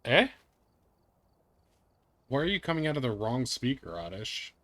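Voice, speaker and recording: A man's voice: medium pitch, big pitch swings, a little slow, a bit bright, dry recording. A man hosting a live game stream, chatting and joking with friends and viewers. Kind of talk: casual live-stream chat.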